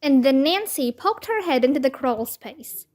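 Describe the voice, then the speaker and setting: A woman reading a children's book aloud with slow, careful, expressive storytelling. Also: sits high.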